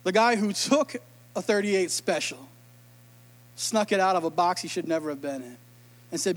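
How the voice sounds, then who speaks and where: A man preaching a sermon, telling stories in an animated, emotional, conversational way. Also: sits high, moderate pace, pauses often. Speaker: pastor.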